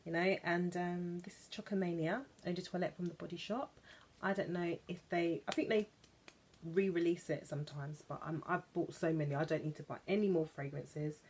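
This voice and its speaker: A woman from England chatting playfully about perfumes, gushing and now and then dropping into soft whispers. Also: fairly low pitch, fairly even intonation, moderate pace, a little hiss or hum. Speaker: perfume vlogger. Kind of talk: chatty vlog.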